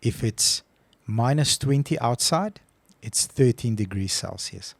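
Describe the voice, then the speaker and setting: A man co-hosting a casual podcast, telling a story with lively acted-out phone calls. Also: mid-range voice, unhurried, gravelly, no room sound. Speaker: podcast co-host.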